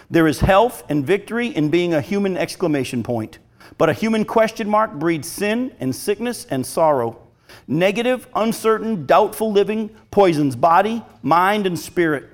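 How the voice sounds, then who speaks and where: A middle-aged male preacher delivering a sermon in a fairly high-pitched voice. He speaks earnestly and with emphasis, pressing each point home as he reads from a devotional text. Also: animated, moderate pace.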